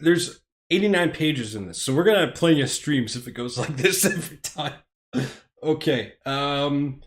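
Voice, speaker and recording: A man with an ordinary mid-range voice reads a movie script on a live stream. He talks in a casual way and stammers often. He keeps breaking off and restarting his sentences. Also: mid-range voice. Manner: hesitant, stammering, with frequent restarts.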